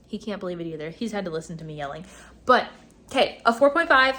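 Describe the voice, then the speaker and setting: Young woman, super animated dramatic rant, bright sharp voice, swears a lot. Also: mid-range voice, fast talker. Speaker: book vlogger. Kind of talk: casual reading vlog rant.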